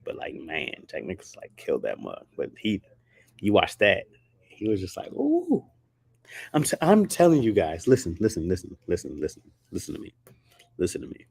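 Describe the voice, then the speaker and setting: A man's voice: deep voice, sing-song, fairly quick, vocal fry, a little mellow, breathy edge, dry recording. A man chatting casually on a livestream, slangy and rambling, laughing often. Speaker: streamer.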